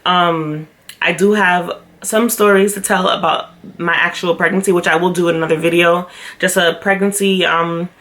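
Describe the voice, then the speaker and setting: A young woman vlogger telling a personal story to camera, chatty and animated, often acting out what others said. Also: fairly low pitch, normal speed. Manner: chatty with frequent fillers. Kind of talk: storytime vlog.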